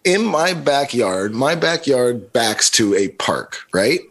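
A man's voice: medium pitch, very animated, slow, fairly bright tone. A middle-aged man co-hosting a podcast, telling a long story in a rambling, profane way with lots of "like" and "you know". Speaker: podcast co-host. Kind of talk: casual chat.

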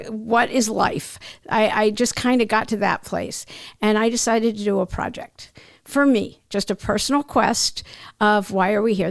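A woman's voice: mid-range voice, gravelly, no room sound, studio quality. A middle-aged woman telling personal stories as an interview guest, in an emotional, tumbling way that keeps interrupting itself. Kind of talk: candid personal storytelling.

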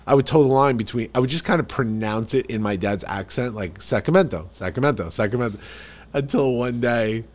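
A man from the New York area, telling family stories in casual podcast chat, animated and full of restarts. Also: mid-range voice, fairly quick, hardly any pauses. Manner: animated storyteller, restarts sentences.

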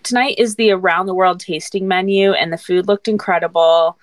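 A woman's voice: lowish voice, fairly even intonation, moderate pace, a little hiss or hum. A woman co-hosting a podcast, narrating episode events in a casual recap with frequent laughter. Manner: laughs often, narrates plot. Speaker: podcast co-host.

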